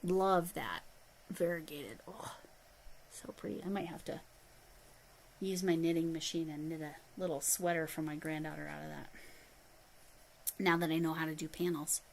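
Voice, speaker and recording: A woman's voice: low voice, fairly even intonation, normal speed, vocal fry, pauses often, a little hiss or hum, rough recording. A middle-aged woman hosting a casual livestream, chatting and reading viewer comments as she goes through yarn. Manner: chatty, reads viewer comments aloud, handles yarn while talking. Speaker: livestream host.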